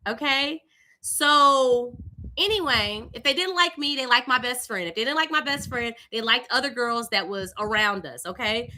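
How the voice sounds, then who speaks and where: A young woman from Louisiana with a Southern accent, hosting a live stream and telling a personal story in an animated, conversational way. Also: on the high side, measured pace. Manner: animated, conversational, with lively voiced greetings. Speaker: host.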